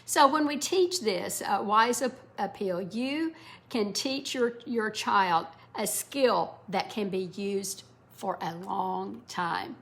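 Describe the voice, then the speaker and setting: A middle-aged woman, a former English teacher, explaining parenting skills to parents in a warm, explanatory way. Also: mid-range voice, takes it slowly, creaky. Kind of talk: instructional talk to parents.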